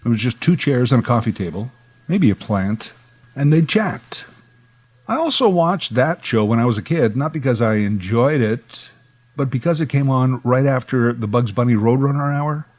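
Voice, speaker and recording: A man's voice: mid-range voice, expressive, moderate pace, darkish tone, rough recording. Wry man telling a childhood story. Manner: wry, conversational, nostalgic asides. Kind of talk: storytelling monologue.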